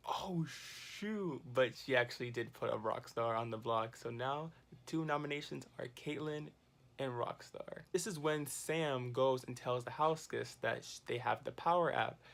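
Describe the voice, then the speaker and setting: Animated man recapping reality TV. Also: medium pitch, gravelly. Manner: animated, exclaiming, laughing at the drama. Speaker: TV recap vlogger. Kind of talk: casual commentary.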